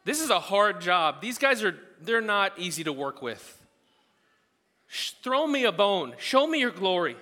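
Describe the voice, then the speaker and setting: A man's voice: sits high, big pitch swings, unhurried, bright, forceful tone, pitched above the performer's own voice, exaggerated voice. A man voicing Moses as a fed-up male leader pleading with God in casual slang, in a hall with a long echo.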